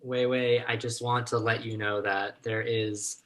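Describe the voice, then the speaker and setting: A man moderating a virtual summit, speaking in a gentle, reassuring, unhurried way over a video call. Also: medium pitch, level tone.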